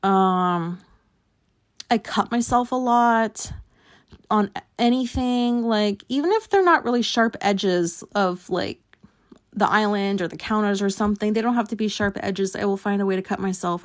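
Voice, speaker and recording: A woman's voice: mid-range voice, moderate pace. A woman hosting a podcast, telling personal stories in a rambling, candid way, swearing freely and laughing at herself. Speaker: podcast host. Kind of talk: casual personal storytelling.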